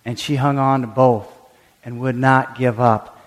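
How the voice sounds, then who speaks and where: A medium-pitched man preaches a sermon as pastor, speaking a little slowly in a space with a big-room sound. He animatedly acts out quoted prayers and voices. He frequently stammers and starts his words over.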